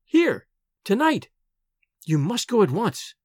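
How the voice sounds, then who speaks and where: A man reading aloud and voicing an earnest, refined young woman who speaks in a hurried, pleading way. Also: high voice, sing-song, dry recording, clean studio sound. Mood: anxious.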